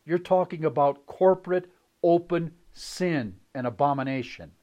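Older male preacher, slightly high voice, slow emphatic sermon delivery with repeated phrases. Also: darkish tone, lo-fi sound. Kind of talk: sermon reading and commenting on texts.

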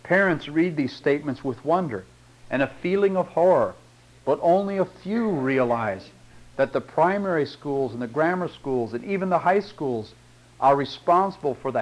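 A man's voice: on the high side, rough recording. A middle-aged man preaching a sermon, reading long quotations aloud and commenting on them with rhetorical tag questions.

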